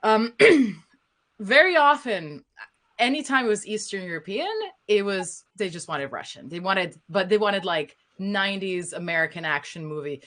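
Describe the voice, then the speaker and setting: A woman's voice: mid-range voice, lively intonation, normal speed, a bit bright. A woman from Slovenia with a Slovenian accent, speaking frankly and emphatically as a voice actor on a panel. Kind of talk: panel discussion.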